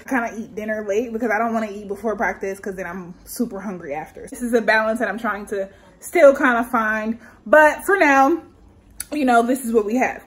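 A woman's voice: fairly high pitch, rough recording. Chatty young woman cooking at home. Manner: chatty, slangy, talks straight to viewers. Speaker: vlogger and athlete. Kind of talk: casual cooking vlog narration. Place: home kitchen. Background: faint frying and sizzling.

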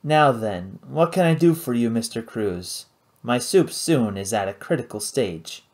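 A man voicing a flamboyant, excitable male ship's chef with a grand, theatrical manner. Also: mid-range voice, measured pace. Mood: hushed.

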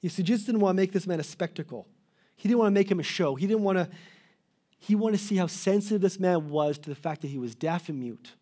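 At a quick pace, a middle-aged pastor from Canada preaches with earnest, pleading emphasis, sometimes stopping to restart a phrase. His voice leans a little high while sounding warm and mellow.

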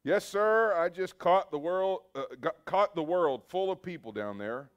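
A man's voice: high voice, animated, measured pace, lo-fi sound, pitched above the performer's own voice. A man voicing a gloating, boastful male devil in a sermon story, with a sneering, drawling delivery.

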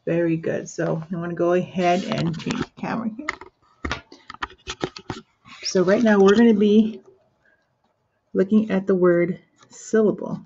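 A woman teaching a pronunciation lesson to an imagined class, pausing for their answers and using plenty of fillers like "uh" and "um". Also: on the low side, steady tone, warm tone, a little hiss or hum. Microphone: screen recorder with built-in microphone. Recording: dull lo-fi screen recording.

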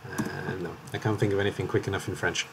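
A man with a slight Welsh lilt and a lowish voice chats through his live game commentary. He rambles and keeps correcting himself mid-thought. A faint hiss sits under his voice. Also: steady tone, quick pace, gravelly. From Wales. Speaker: streamer.

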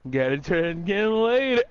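High, lively young man ranting. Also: vocal fry, slight background noise. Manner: profane, animated, laughs a lot. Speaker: friend on voice chat. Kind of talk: casual gaming chat.

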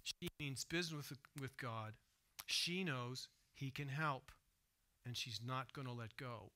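A man preaching a sermon in church, swinging between hushed, soft retelling and loud, emphatic asides, and asking his listeners direct questions. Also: mid-range voice, a little slow. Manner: asks the congregation direct questions. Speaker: pastor. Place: church sanctuary.

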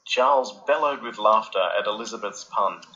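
A man narrating a storybook in an even, measured way. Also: on the low side, highs cut off, faint music behind.

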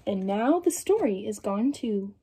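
A young woman reading a picture book aloud to children, in an animated storytelling manner and asking her young listeners questions. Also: mid-range voice, measured pace, breathy edge.

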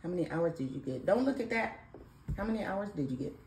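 Recorded on a phone in an echoey room with faint noise, this morning clip has a mother and vlog host teasing her son in a playful, sing-song manner. She speaks quickly, with a lowish, darkish voice and lively intonation.

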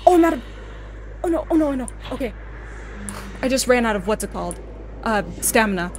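A woman's voice: fairly high pitch, very animated, a little fast, long pauses, a little hiss or hum. A young woman streaming a horror game, jumpy and talking to the game as she plays, often exclaiming and swearing at it. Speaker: gaming streamer. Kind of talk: horror game let's play commentary. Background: game music.

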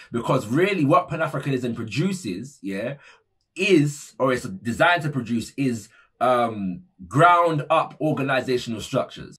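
A man's voice: medium pitch, a bit bright, husky. A man presenting an explanatory talk, conversational, with frequent tag questions and fillers. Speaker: educator presenting a video series.

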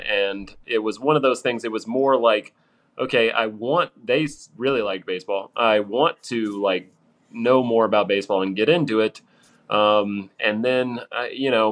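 A man's voice: lowish voice, fairly bright tone. A man in his thirties from Arkansas with a vague mid-Atlantic accent, a podcast guest chatting casually and rambling through asides. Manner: rambling, full of "you know" and "like" asides.

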